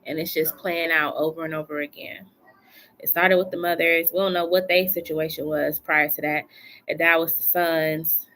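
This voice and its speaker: A woman's voice: low-pitched, little pitch movement, normal speed, fairly bright tone, a little hiss or hum. A woman doing a casual live tarot reading from home, chatty and colloquial, repeating phrases for emphasis. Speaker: tarot reader.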